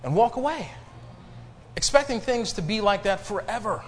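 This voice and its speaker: Male preacher, fairly high, lively voice, call-and-response sermon, echoey church hall. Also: a little hiss or hum. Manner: preaching with rising emphasis and call-and-response pauses. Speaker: pastor. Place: church sanctuary.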